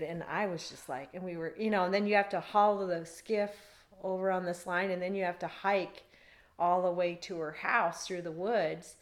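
A middle-aged woman from Alaska, telling a rambling story in a casual interview and laughing often. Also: fairly low pitch.

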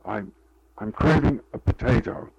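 Older man with a gravelly voice. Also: medium pitch, moderate pace, a little mellow, lo-fi sound, a little hiss or hum. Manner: meandering, full of fillers, acts out quoted dialogue. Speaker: interviewee telling a life story. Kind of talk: rambling anecdotal storytelling.

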